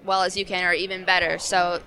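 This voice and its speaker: Young chicago woman, blunt and confident, bright voice, casual interview guest. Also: fairly low pitch, flat delivery, a little fast. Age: 20s.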